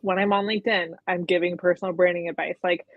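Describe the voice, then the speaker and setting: A young woman talks casually as an interview guest, her speech filled with "like" and "um". Her voice sits a little low. She comes through a thin, phone-like line that sounds very dry. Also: little pitch movement, quick pace, dry recording. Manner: chatty, frequent "like" and "um". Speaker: guest, personal brand coach. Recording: tinny phone-like audio.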